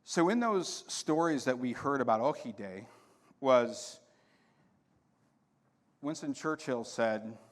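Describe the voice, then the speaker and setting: A man's voice: medium pitch, slow, pauses often. A man giving a storytelling talk at a conference, acting out voices in his anecdotes. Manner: animated anecdotes with quoted dialogue. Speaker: conference speaker. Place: conference hall. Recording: hall reverb.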